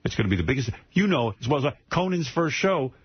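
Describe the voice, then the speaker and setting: A man's voice: mid-range voice, sing-song, fast talker, husky, dry recording, lo-fi sound. A man hosting a radio show, talking bluntly and profanely, lecturing his co-host in casual banter.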